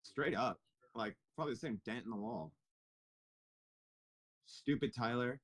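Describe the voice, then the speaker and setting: A man's voice: mid-range voice, measured pace. A man hosting a casual race watch party from home, joking and swearing freely as he reacts to the race. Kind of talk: casual chat over a live race.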